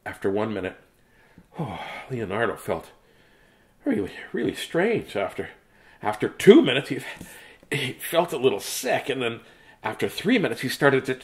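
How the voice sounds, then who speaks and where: A man's voice: mid-range voice, big pitch swings, moderate pace, long pauses. A middle-aged man casually reading children's books aloud, with jokey asides between pages. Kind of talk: casual read-aloud to a live chat.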